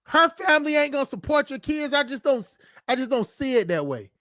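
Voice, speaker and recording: Male livestream host, high-pitched, dry close sound, profane off-the-cuff rants. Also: expressive, sharp tone, no room sound. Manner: blunt, profane, fast-talking, jumps between subjects. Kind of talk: unscripted livestream rant.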